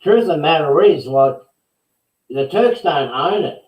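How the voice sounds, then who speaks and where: A man's voice: fairly high pitch, lively intonation, unhurried, darkish tone. A man chatting casually on a hobby show, agreeable and chiming in with short replies. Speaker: co-host of a hobby chat. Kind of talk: casual chat. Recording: echoey, distant from the mic.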